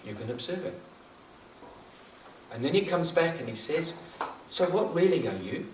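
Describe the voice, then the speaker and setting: A man's voice: on the high side, big pitch swings, normal speed, darkish tone, slight background noise. Man giving an earnest spiritual talk. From New Zealand. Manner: earnest, repeats himself, chuckles at his own jokes. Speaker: speaker sharing spiritual teachings. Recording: echoey room, speaker far from the mic.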